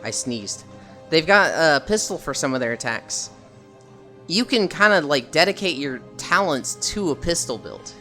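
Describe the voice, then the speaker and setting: A man's voice: a little high, lively intonation, normal speed, bright, forceful tone, faint music behind. A man streaming while walking, chatting casually about a video game with lots of fillers and casual swearing.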